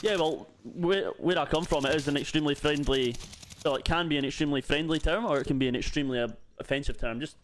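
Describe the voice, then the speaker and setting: A man's voice: a little high, fast talker, slight background noise. A man streaming a shooter game live, joking with his teammates and chat. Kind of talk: livestream gaming chat.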